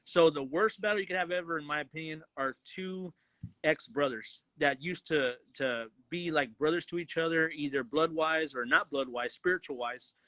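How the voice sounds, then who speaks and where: A man co-hosts a casual movie review chat, fired up and profane, sometimes acting out lines from the films. His voice sits a little high and sounds bright and forceful. The recording is dry, with no room sound. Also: normal speed, no echo, dull audio. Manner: excited, profane, acts out quotes. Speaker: podcast co-host, movie reviewer.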